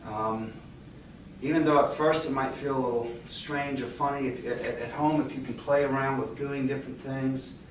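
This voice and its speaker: A male dance instructor demonstrating moves while he explains, talking in a relaxed, halting way with many fillers and restarts, recorded by a far camera mic in a dance studio. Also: mid-range voice, a little hiss or hum. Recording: very echoey room, off-mic.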